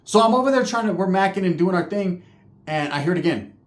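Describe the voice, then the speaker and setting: A man from California tells a story casually, full of cursing and street slang. His voice sits a little high. The recording has a roomy echo. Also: quick pace. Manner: profane, slangy, animated storytelling.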